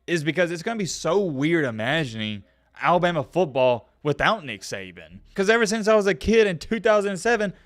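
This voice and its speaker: A young man, talking casually in a reaction vlog, animated and on the verge of tears. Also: a little high, a little fast, no echo. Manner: emotional, animated, voice breaking near tears. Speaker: sports video creator.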